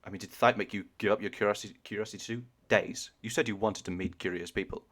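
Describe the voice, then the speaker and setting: A man's voice: on the low side, fairly even intonation, quick pace, fairly bright tone. A man voicing a weary, sardonic male plague catcher who answers with dry, fed-up retorts over a video call. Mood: needling.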